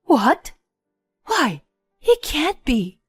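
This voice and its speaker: A woman voicing a scheming older mother-in-law who is indignant and quick to shift blame. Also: high-pitched, sing-song, faint music behind, voice pushed up, full character voice. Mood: shocked.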